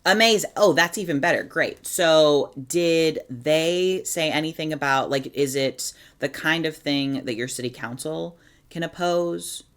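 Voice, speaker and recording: A woman's voice: sits low, measured pace, a bit bright. A woman chatting casually on a live stream, reading chat aloud and giving organizing tips with sarcastic asides. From Oregon, USA.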